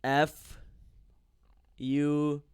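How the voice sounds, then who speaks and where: A man talks slowly in casual podcast banter, stopping often as he sounds out letters. His voice is very clear and crisp. The sound is dry and close, with no room echo. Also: fairly high pitch, completely flat delivery. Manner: slow, halting spelling out loud, sweary.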